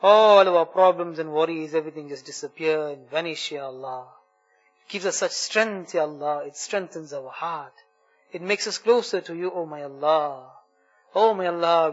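A man's voice: a little high, fairly bright tone, dull audio. A man leading a fervent devotional supplication, pleading and repeating invocations in long heartfelt runs.

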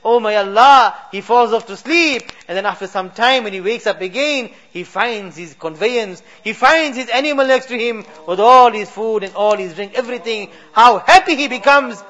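High-voiced man in impassioned prayer. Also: normal speed, hardly any pauses, sharp tone. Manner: pleading, repeats invocations, voice swells and drops. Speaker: imam leading a supplication. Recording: dull lo-fi recording.

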